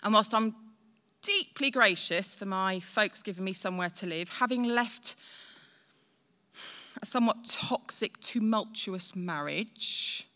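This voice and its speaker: A woman's voice: medium pitch, bright, forceful tone. A woman in her forties telling a personal story in a chatty, self-deprecating way. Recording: long hall reverb.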